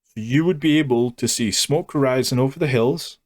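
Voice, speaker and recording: A man's voice: mid-range voice, moderate pace, no room sound, clean studio sound. A man reviewing a show in a sarcastic, mocking rant. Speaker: YouTube reviewer. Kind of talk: ranting review.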